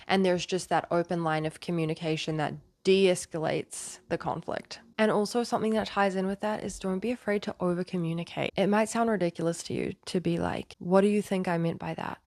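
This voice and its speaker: A woman's voice: fairly low pitch, fairly quick, few pauses, a little mellow, no room sound. A woman giving earnest relationship advice to camera in a casual, explanatory way. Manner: earnest, explanatory, acts out quoted lines. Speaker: relationship advice video host.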